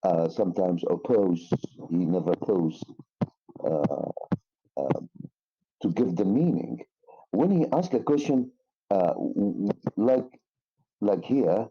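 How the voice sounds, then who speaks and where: A man with an Egyptian accent teaching an English lesson, speaking haltingly with many fillers and restarts. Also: lowish voice, lively intonation, husky. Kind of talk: explaining a lesson. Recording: dull lo-fi recording.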